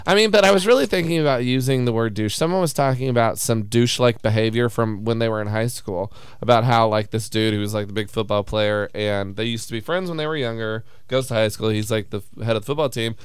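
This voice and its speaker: A man's voice: lowish voice, quick pace, hardly any pauses, clean tone, no echo, clean studio sound. A young man co-hosting a podcast, chatting casually, rambling through questions and laughing often. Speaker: podcast co-host. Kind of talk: casual chat.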